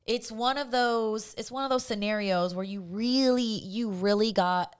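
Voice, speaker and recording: A young woman co-hosts a casual podcast, talking frankly and swearing freely. Her voice sits a little high, and she slips into the voices of people she quotes. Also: a little slow, clean tone. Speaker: podcast co-host. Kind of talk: casual chat.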